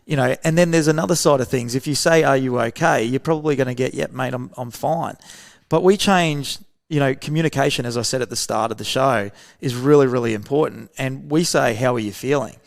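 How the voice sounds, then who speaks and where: An Australian man who founded a veteran program speaks as a podcast guest in casual interview talk. His mid-range voice is a little fast with vocal fry and few pauses, and he talks earnestly, acting out short bits of dialogue.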